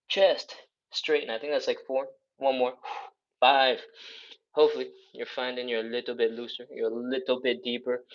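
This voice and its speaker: A man coaching a live follow-along stretching workout, counting down and cueing breaths in a fast, jokey way. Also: mid-range voice, muffled recording. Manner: energetic cueing and counting aloud. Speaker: stretching instructor.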